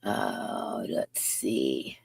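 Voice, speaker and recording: A middle-aged woman chatting on her crochet livestream from a yarn room at home, her voice gravelly and a bit husky. She greets viewers by name in bubbly call-outs, her pitch leaping up and down all over. The sound is close and dry, with no room echo. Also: big pitch swings, very slow, darkish tone, in a whisper. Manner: bubbly, calls out names with big upward swoops. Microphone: computer's built-in microphone.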